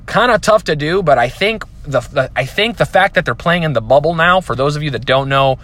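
A man's voice: a little high, expressive, fairly quick, bright, forceful tone. Rambling joking male podcast host. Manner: rambling, joking, self-deprecating, with frequent fillers and restarts. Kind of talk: casual solo podcast chat.

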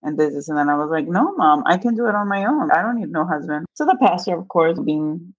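A woman recounts a personal story in a candid, lively way, slipping into the voices of the people she quotes. Her recording is dry and a little dull. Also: fairly low pitch, a little fast, slightly rough, no room sound. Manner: animated, acts out quoted voices with laughter. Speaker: guest telling her story.

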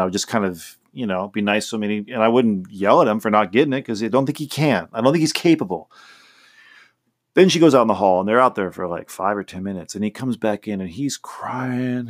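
The podcast host here has a low-leaning voice and a brisk delivery. His casual monologue rambles loosely with plenty of restarts, and he plays faint guitar himself in the background.

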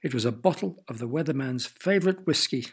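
A man narrating a children's story in a gentle, playful way, sometimes asking the listener questions. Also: medium pitch, lively intonation, fairly quick, breathy edge.

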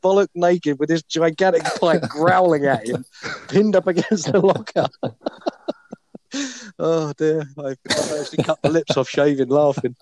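A man's voice: on the high side, normal speed, a little mellow. A man hosting a podcast, telling a bawdy anecdote in a casual, laughing way. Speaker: podcast host. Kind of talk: casual storytelling.

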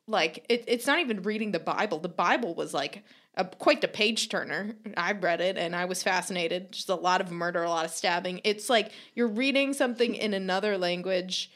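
Young woman rambling through a funny story, lots of swearing and laughing, acts out voices. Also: medium pitch. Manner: animated, swears freely, acts out quotes, laughs often. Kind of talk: casual comedic storytelling chat.

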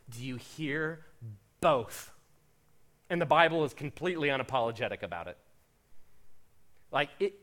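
Man preaching in a lively, chatty way. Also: mid-range voice, moderate pace, long pauses. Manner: animated, conversational preaching with playful asides. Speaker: pastor. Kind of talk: sermon.

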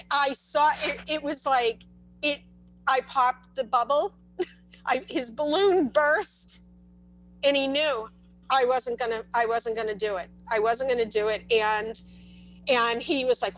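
A woman's voice: on the high side, steady tone, measured pace, a little hiss or hum, rough recording. A woman telling a long personal story as a parent, in casual talk with many restarts and asides. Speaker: parent sharing her experience.

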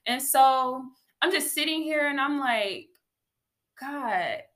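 Woman vlogger, animated testimony, unhurried delivery, crisp bright tone. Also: sits high. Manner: animated, chatty, addresses viewers as y'all. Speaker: faith vlogger. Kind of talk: casual testimony to viewers.

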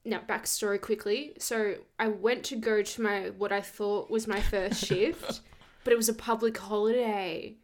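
A woman's voice: mid-range voice, normal speed. A young woman, telling stories in a casual chat and laughing often. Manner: animated storyteller, laughs often.

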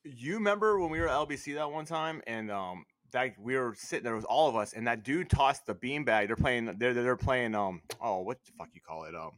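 A young man swears his way through a loose, rambling story on a podcast. His voice has a bright edge. It sounds dry and close, with no room around it. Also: medium pitch, animated, fairly quick, few pauses, no echo. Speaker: podcast co-host. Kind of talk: casual chat.

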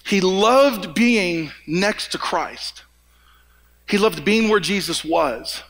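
Male pastor, high voice, energetic joking sermon, long hall reverb. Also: slow. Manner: energetic, joking, repeats words and restarts. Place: church hall.

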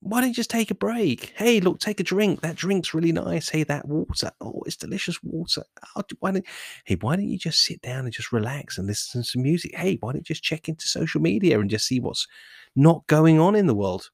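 A man's voice: fairly high pitch, animated, brisk, vocal fry, husky, no room sound, studio quality, pitched above the performer's own voice, heavily acted. A man voicing a coaxing male inner voice that tempts a rower to quit, in a wheedling, soothing tone, on a podcast. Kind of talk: podcast monologue.

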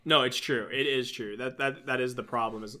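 A man's voice: mid-range voice, steady tone, a little fast, pushed and bright. A man co-hosting a casual sports podcast, rambling with many restarts. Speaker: podcast co-host.

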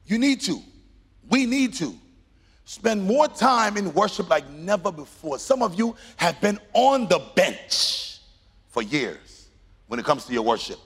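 Middle-aged pastor, high and lively delivery, gravelly and husky, big echoing church. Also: male voice, a little slow. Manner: preaching with rising emphatic bursts and sung phrases. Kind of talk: sermon. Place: church sanctuary. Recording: long reverb of a large hall.

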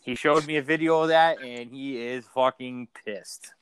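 A man's voice: mid-range voice, steady tone, moderate pace, fairly bright tone, a little hiss or hum. A man co-hosting a casual podcast chat, rambling and swearing, with many restarts. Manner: rambling, profane, frequent restarts. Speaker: podcast co-host.

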